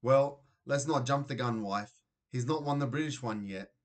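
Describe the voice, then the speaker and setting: A man's voice: mid-range voice, moderate pace, close to an everyday voice. A man voicing a weary, grumpy father who works as a security guard, in a children's storybook reading. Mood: blustering.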